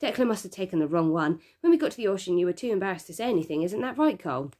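A woman's voice: on the low side, big pitch swings, racing, darkish tone. A worried father in a storybook reading, read by a woman demands answers in a firm, questioning tone. He is stern but shaken.

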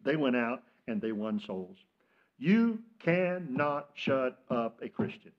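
An older man with an American Midwestern accent, preaching a fervent sermon as pastor, swinging from loud exhortation to hushed asides. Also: mid-range voice, expressive, takes it slowly, lo-fi sound. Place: church sanctuary.

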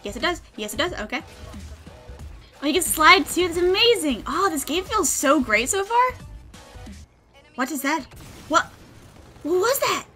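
A young woman giving casual commentary while playing a video game, quick to get excited, squeal and laugh. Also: very high-pitched, soft background music. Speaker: gaming video host. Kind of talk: live gameplay commentary.

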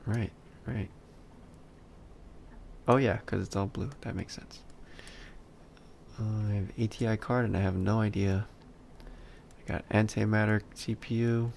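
Man, gravelly low voice, slow talk, muttered tutorial asides, typing behind. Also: steady tone, a little mellow, a little hiss or hum. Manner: muttering, self-talk, dry asides while working. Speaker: 3D modeling instructor streaming a class. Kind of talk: casual live-stream tutorial commentary.

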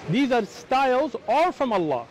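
A man with an American accent and a very high voice argues his case in an outdoor street debate. He lectures firmly, repeats himself for emphasis and presses on over every interruption. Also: very animated, moderate pace, poor audio. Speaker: Muslim street preacher.

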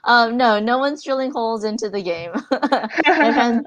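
A woman's voice: fairly high pitch, expressive, a little slow, a bit bright, dry recording, lo-fi sound. A woman hosting a board game stream, chatting casually, thinking aloud and laughing often. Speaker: streamer host.

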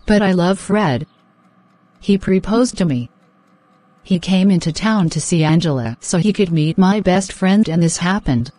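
A woman voicing a flustered young fiancée in an animated drama, sharp-tongued and anxious. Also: on the low side, a little slow, dry recording. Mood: fretful. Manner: exasperated, sharp-tongued, fretful.

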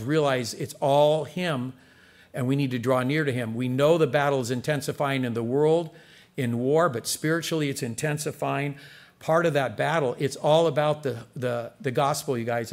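A male pastor preaching a sermon in an earnest, conversational way, speaking straight to his congregation and pushing harder on the points he stresses. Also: mid-range voice.

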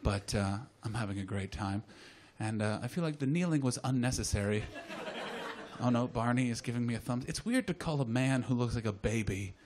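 A Canadian man hosting a live comedy chat show, joking loudly, then dropping into muttered asides. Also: mid-range voice, lively intonation, fairly quick, background noise. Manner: loud, jokey, swings between shouting hype and muttered asides. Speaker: host. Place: live comedy venue with audience.

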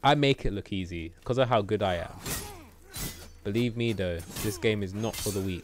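A man from Britain chats with his viewers during a live game stream, joking around and muttering at what's on screen. His pitch is fairly low and his pace normal.

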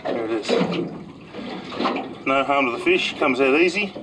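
Excitable Australian fishing show host. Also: male voice, medium pitch, a little slow. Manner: enthusiastic, chatty, exclaims and laughs. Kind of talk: excited on-the-water fishing commentary. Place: on a small boat outdoors at night. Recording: outdoor boat recording with water and engine noise.

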